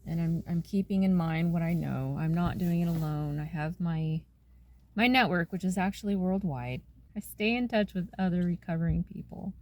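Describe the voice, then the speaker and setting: A woman's voice: lowish voice, moderate pace, a little mellow. A woman vlogging casually from her camper, talking to herself in a candid, chatty way about cleaning and a road trip. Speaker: van-life vlogger. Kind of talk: casual vlog chat.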